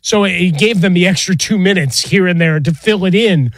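High-voiced chatty sports co-host. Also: male voice, normal speed, no room sound. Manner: chatty, storytelling, hesitant fillers. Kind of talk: casual sports talk.

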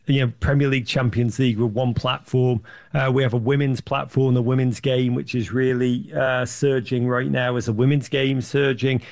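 Gravelly-voiced man telling lively stories. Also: medium pitch. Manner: enthusiastic storyteller, quick restarts and fillers. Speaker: interview guest, sports media founder. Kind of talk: animated anecdotal interview talk.

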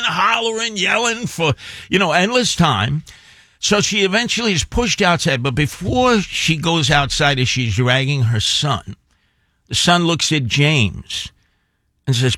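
A man's voice: high voice, pushed and bright, dry recording, studio quality. A man on a talk show, telling a story in a rambling, emphatic way with asides.

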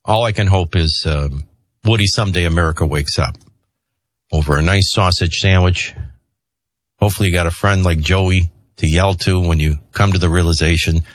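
A middle-aged man hosting a show, rambling between personal stories and opinion rants in an animated way. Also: sits low, normal speed, dry recording. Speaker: host. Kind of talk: opinion monologue with storytelling.

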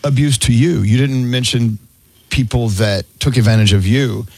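A man hosting an interview, asking questions in a teasing, lively way. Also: mid-range voice, moderate pace, husky, no room sound. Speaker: interview host. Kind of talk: casual interview talk.

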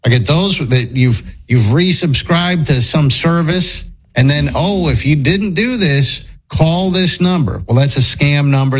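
A man's voice: medium pitch, poor audio. A man hosting a talk show, telling stories in a mocking, incredulous way and bantering with his co-hosts. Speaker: radio show host.

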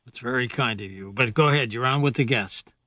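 A man hosting a call-in radio show, taking callers in a brisk, upbeat way. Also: medium pitch, sharp tone, a little hiss or hum. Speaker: radio host.

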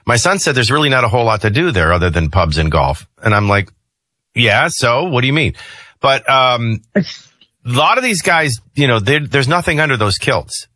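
A man's voice: mid-range voice, fairly quick, no echo. A man hosting a morning talk radio show, chatting and joking with a correspondent. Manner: lively, joking, conversational. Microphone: studio microphone.

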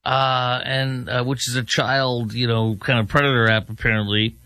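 A man hosting a commentary show, mocking and halting with many fillers. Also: mid-range voice, flat delivery, sharp tone, dry recording. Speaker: commentary host. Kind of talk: sarcastic political commentary.

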